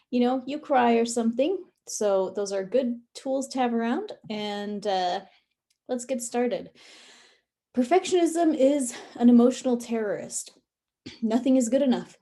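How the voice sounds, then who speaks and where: A woman leading a guided session for releasing perfectionism, speaking in a calm and instructive way, with tapping and breathing directions. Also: on the high side. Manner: calm, instructive, with some fillers.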